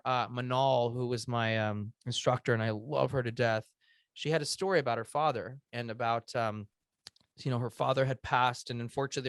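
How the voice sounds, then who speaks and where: A man's voice: mid-range voice, fairly bright tone, no room sound. Earnest man telling a personal story. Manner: earnest, halting, many "um"s and restarts. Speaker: podcast guest.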